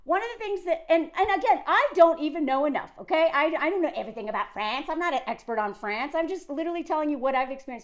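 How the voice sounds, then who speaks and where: A woman's voice: sits high, lively intonation, fast talker. A woman in her forties from the South, giving chatty, emphatic commentary that wanders between points. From Southern United States. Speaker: video creator. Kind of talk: casual talking-head commentary.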